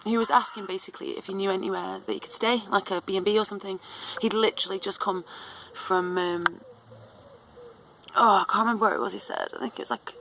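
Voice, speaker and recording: A woman's voice: medium pitch, fairly even intonation, fast talker, creaky, background noise. A woman in her thirties telling a long story in a rambling, casual way, full of fillers and restarts. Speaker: vlogger.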